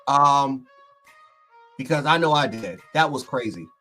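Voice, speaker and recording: A man hosting a casual livestream, talking in an excitable, rambling way with lots of fillers and restarts. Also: medium pitch, unhurried, faint music behind. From Buffalo, New York. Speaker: sports channel host.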